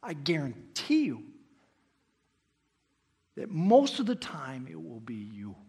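Husky-voiced preacher, loud then hushed. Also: male voice, medium pitch, wildly swooping pitch, slow. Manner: storytelling with sudden loud and hushed swings. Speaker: pastor. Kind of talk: sermon.

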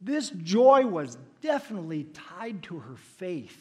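Middle-aged male pastor, slightly high, husky voice; sermon storytelling that swings from booming to hushed. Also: sing-song, unhurried.

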